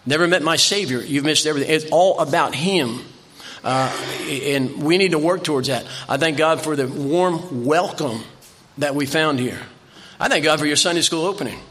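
An older male preacher tells folksy stories from the pulpit, circling back and repeating phrases for emphasis. His voice is bright and forceful, sitting a little high for a man. He speaks to a church congregation. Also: moderate pace. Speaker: visiting preacher. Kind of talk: sermon.

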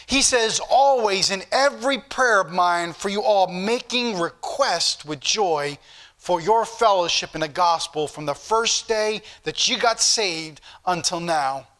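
In a sermon to his church congregation, a male preacher with a Southern US accent reads scripture slowly and preaches with emphatic repetition. His voice is high-pitched and animated, with a fairly bright tone.

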